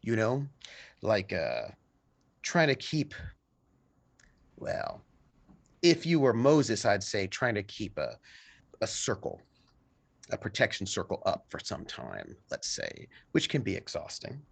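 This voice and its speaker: A man narrating scenes as game master of a tabletop role-playing game, unhurried and descriptive. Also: fairly low pitch, huge pitch swings, gravelly, slightly rough.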